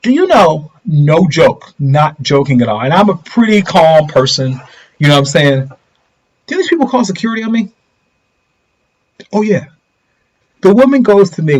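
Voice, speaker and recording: Animated high-voiced man streaming commentary. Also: fairly quick, rough recording. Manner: animated, talks straight to viewers with rhetorical questions. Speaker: livestream host reading viewer comments. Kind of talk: casual political commentary livestream.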